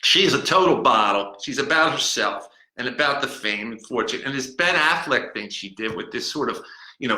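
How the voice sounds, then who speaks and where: In an echoey room, a man hosts a comedy podcast in the character of a bragging, grumpy talking bottle, rambling, mocking and stumbling over words. His voice is medium-pitched with a sharp tone.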